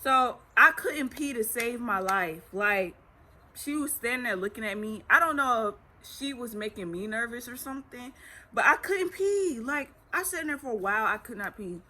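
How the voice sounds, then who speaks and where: Bright-voiced teen girl telling a story. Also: on the high side, moderate pace. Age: teens. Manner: chatty, animated retelling with acted quotes. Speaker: vlogger. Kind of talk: casual storytelling.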